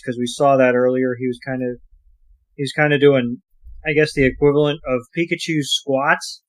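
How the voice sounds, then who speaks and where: A man co-hosting a podcast, chatting casually about a cartoon episode in a relaxed way, full of "you know" and "kinda". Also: mid-range voice, normal speed, no room sound. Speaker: podcast co-host.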